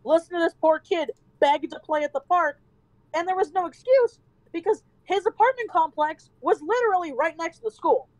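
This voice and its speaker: A woman streamer telling a story in casual chat, animated and swearing freely. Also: very high-pitched, normal speed, dry recording, low-quality recording.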